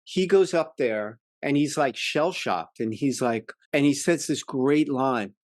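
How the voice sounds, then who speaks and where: A man co-hosts a casual podcast, retelling episodes with eager, animated enthusiasm. His mid-pitched voice comes through a close mic in a dry, dead-sounding room. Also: a little slow, no echo. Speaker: podcast co-host. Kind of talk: casual classic-TV chat.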